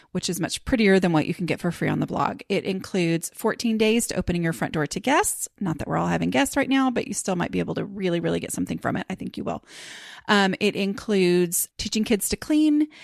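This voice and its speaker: A woman's voice: medium pitch, vocal fry, dry recording, clean studio sound. A woman hosting a podcast, chatting casually and rambling with many fillers. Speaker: podcast host.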